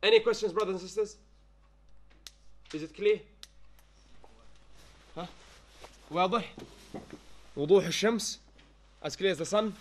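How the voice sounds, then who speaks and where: A man's voice: high voice, normal speed, pauses often. A male tajweed teacher giving a classroom lesson, quizzing students with frequent checks and mixing in Arabic phrases. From London-based.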